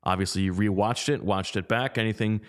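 A man's voice: lowish voice, steady tone, brisk. A man hosting a casual sports talk show, with a dry, teasing way of talking. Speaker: podcast host.

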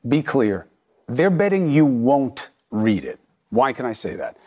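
A man's voice: medium pitch, sing-song, unhurried, mellow. A middle-aged man anchoring a cable news commentary segment, punchy and emphatic, firing off rhetorical questions.

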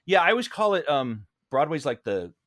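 A man, a Broadway actor, speaks fairly quickly in an interview, casually telling stories and acting out quoted lines with big leaps in pitch. His manner is animated. The sound is clean studio audio without echo.

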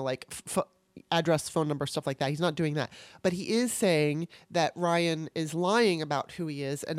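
A woman hosting her podcast alone, upset and tearful, talking candidly with frequent swearing and halting restarts. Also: on the low side, no room sound. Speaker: podcast host. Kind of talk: emotional solo podcast monologue.

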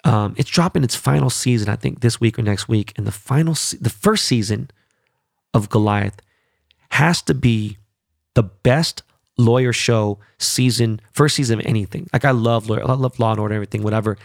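A man hosting his podcast on his own, talking casually with a lot of swearing and animated, rambling asides. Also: medium pitch, normal speed, gravelly, no room sound, studio quality. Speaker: podcast host. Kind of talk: casual solo podcast chat.

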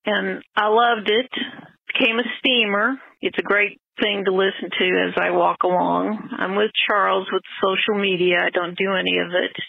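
Older lady from missouri on the phone, gravelly voice, tinny dry line. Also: mid-range voice, dry recording. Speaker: caller. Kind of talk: voicemail message.

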